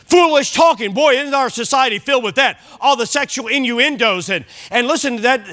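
Preaching at an evening church service, this pastor has a very high, pushed and bright voice at a moderate pace. He reads passages of scripture, unpacks them, and keeps checking in with his listeners.

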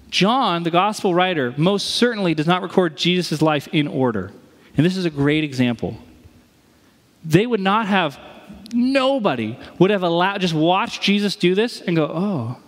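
A man's voice: high-pitched, long reverb tail. A man preaching a sermon in a conversational way, posing rhetorical questions to his listeners. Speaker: pastor.

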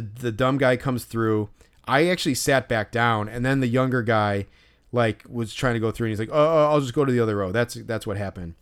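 A man's voice: mid-range voice, clear, resonant tone. Swearing, ranting young man. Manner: profane, ranting storyteller. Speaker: podcast co-host. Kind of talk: casual storytelling chat.

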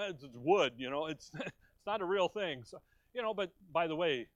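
A middle-aged man from Chicago preaches a sermon in a folksy style and breaks into joking asides with his listeners. His voice sits a little high for a man. The sound is dry, with hardly any room echo. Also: animated, moderate pace. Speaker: pastor. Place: church.

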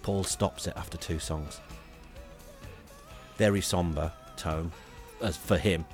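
A man, co-hosting a comedy podcast and telling a rambling, animated story. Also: sits low, takes it slowly, soft background music. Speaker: podcast co-host. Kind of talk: casual comedy chat.

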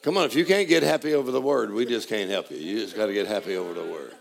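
Gravelly older preacher. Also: male voice, fairly low pitch, fast. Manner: folksy, joking, rising to shouted praise. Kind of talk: sermon. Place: church hall. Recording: live church audio with crowd. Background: congregation laughing and responding.

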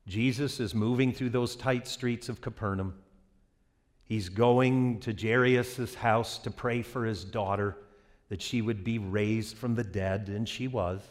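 A man pastor giving an impassioned, animated sermon with vivid storytelling. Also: mid-range voice.

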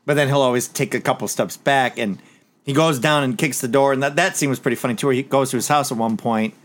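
A man in casual chat, relaxed, adding details while discussing a movie. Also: medium pitch, fast talker.

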